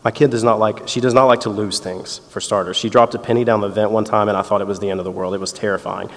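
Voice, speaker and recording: Man, 30s, pastor, conversational sermon, slightly low pitch, reverberant church hall. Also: steady tone, fast talker. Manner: conversational, tells family stories, acts out quotes.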